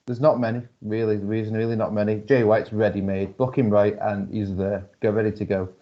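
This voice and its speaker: A man co-hosting a casual podcast, rambling with many restarts and quick to laugh. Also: lowish voice, flat delivery. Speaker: podcast co-host. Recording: muffled lo-fi audio.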